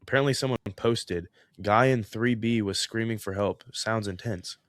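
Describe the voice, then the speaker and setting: A young man co-hosting a podcast in casual chat, reading a story aloud in an animated way and laughing often. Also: on the low side, moderate pace, no echo, clean studio sound. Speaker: podcast co-host.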